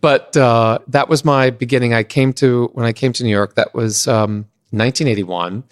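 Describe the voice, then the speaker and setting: A middle-aged man from Pennsylvania, a guest on a podcast, telling a long anecdote in an animated way and acting out what others said. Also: medium pitch, normal speed, clear, resonant tone. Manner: animated, acts out others' lines in shifting voices. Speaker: podcast guest, event designer. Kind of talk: anecdotal storytelling in conversation.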